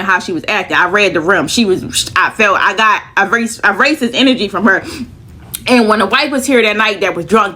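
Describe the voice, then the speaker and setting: Breathless woman storyteller, bright and forceful tone, animated and profane, casual vlog delivery. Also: mid-range voice. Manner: animated, profane, repeats phrases for emphasis. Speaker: storyteller vlogger.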